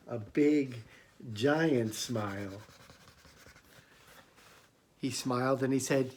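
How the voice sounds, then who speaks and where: A man tells an interactive story for young children in an animated, expressive way, stopping to ask his listeners questions. His voice is husky and slightly breathy, sitting at a middling pitch. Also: very slow, long pauses. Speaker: storyteller and illustrator.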